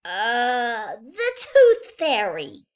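A woman voicing a cheeky little girl bunny who tells fibs, in a high, loud, pleased-with-herself voice. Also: huge pitch swings, very slow, heavily acted. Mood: fibbing.

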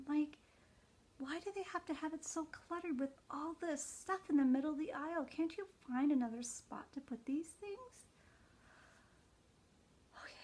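A middle-aged woman vlogging casually about cross stitch, who slips into an exasperated rant that climbs toward near shouting. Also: high voice. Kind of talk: casual vlog chat.

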